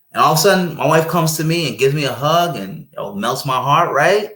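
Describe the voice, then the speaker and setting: Guy telling marriage stories, pretty lively, acts out what people say, roomy echoey sound. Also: fairly high pitch, fairly quick, few pauses. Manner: animated storyteller, acts out quoted speech. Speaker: guest speaker on marriage. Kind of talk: casual conversational preaching. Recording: roomy echo.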